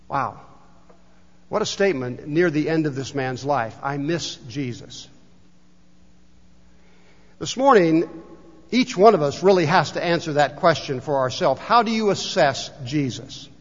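A man, a pastor, delivering a sermon and telling a story, slowing down when he reads passages aloud. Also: on the high side, expressive. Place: church sanctuary. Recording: long hall reverb, dull lo-fi sound.

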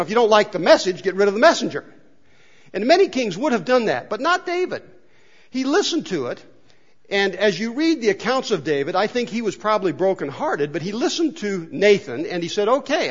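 Man, pastor, high voice, chatty sermon, questions to the congregation, lo-fi sound. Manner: conversational, asks the congregation questions. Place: church chapel.

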